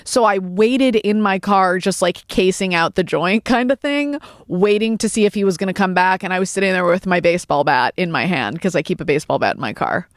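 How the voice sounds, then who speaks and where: A woman comedian chatting as a podcast guest, telling an animated, profane story. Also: fairly low pitch, fairly quick, dry recording, studio quality. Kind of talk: casual podcast chat.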